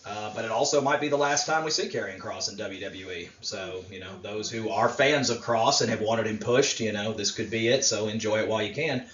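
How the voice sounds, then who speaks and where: A man's voice: fairly low pitch, fairly quick, few pauses, slight background noise. Rambling man in an echoey room. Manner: rambling, filler-heavy, relaxed. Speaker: wrestling podcast co-host. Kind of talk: casual chat, predictions. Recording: roomy, distant, dull mic.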